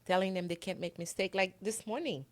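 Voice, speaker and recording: A woman's voice: mid-range voice, a little fast. A middle-aged woman from Haiti, a guest in a conversational interview, talking earnestly about her upbringing.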